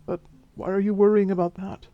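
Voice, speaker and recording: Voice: medium pitch, level tone, brisk, no room sound, phone-quality sound, lightly acted. A performer playing a charming, flirtatious male vampire who speaks with a Mexican Spanish accent, teasing and then soothing in an audio role-play drama. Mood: reassuring. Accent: Mexican Spanish accent, put on by the figure. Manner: teasing, warm, soothing, drops to whispers.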